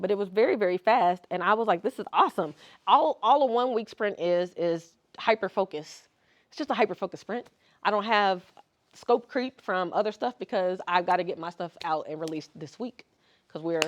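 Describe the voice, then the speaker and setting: Animated woman giving a casual meetup talk. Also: mid-range voice, dull audio. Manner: animated, conversational, acts out questions. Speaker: guest speaker. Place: meetup room.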